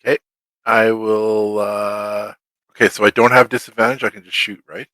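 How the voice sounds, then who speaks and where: A man's voice: lowish voice, flat delivery, moderate pace, sharp tone, no room sound, poor audio. A man playing a tabletop game, talking hesitantly and second-guessing his choices. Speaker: player.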